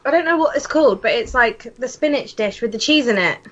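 A woman's voice: fairly high pitch, lively intonation, fairly quick, a bit bright, highs cut off. A woman in a casual chat, giving short, dry answers.

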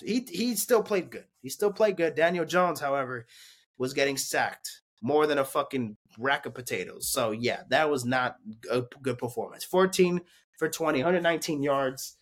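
A man hosting a casual sports recap, rambling and cursing as he reacts excitedly to games. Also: medium pitch, normal speed. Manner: excitable, profane, rambling fan talk. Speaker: sports podcast host.

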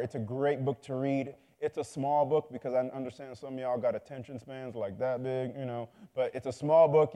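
A man's voice: medium pitch, warm tone. A man preaching a sermon, telling a story in a loose, conversational way and building to fervent appeals.

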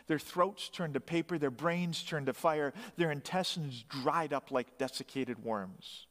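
Slow, dramatic male storyteller. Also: on the high side, fairly bright tone, big-room sound. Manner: dramatic, swelling emphasis on key phrases.

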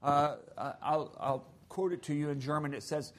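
A man's voice: a little high, moderate pace. A middle-aged man, a missionary guest preacher, giving a conversational sermon to a congregation with asides and jokes. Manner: conversational preaching, animated and joking.

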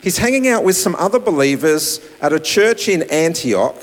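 A man preaching a sermon, swinging between raised emphasis and soft, quiet asides. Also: fairly high pitch, big pitch swings, moderate pace. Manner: dynamic preaching, voice rising and dropping to soft asides. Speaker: pastor. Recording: long hall reverb with mains hum.

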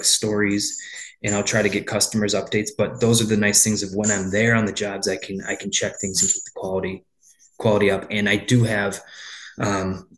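A man who owns a landscaping business, telling stories in a casual interview, with lots of restarts and quoted back-and-forth. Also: fairly low pitch. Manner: rambling, frequent restarts, storytelling with quoted dialogue.

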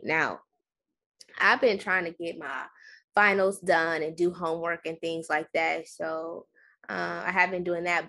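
A woman's voice: sits low, bright, forceful tone. A woman co-hosting a casual podcast from home, a bit weak after being sick, talking in a laid-back way with fillers. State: recovering from illness, a bit weak. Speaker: podcast co-host. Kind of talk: casual chat. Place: at home, separate room.

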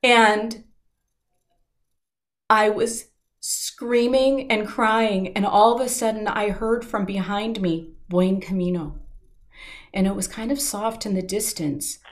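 A woman's voice: mid-range voice, fairly even intonation. Earnest woman telling a heartfelt story. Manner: earnest, heartfelt, slows down at emotional moments. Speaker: guest telling a personal story. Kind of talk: emotional personal storytelling.

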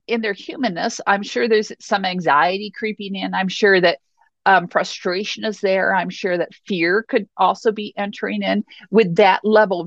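A woman's voice: medium pitch, no room sound, highs cut off. A woman preaching a sermon in a conversational way, often checking in with "okay" and "you know".

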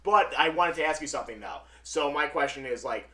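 A man's voice: fairly high pitch, lively intonation, fairly quick, bright, forceful tone. A man hosting a casual interview, asking earnest, rambling questions full of fillers. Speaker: podcast host.

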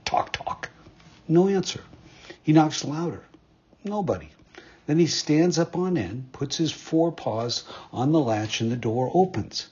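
Man, storyteller, husky breathy voice, measured expressive narration, muffled lo-fi. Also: mid-range voice. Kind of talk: fairytale narration.

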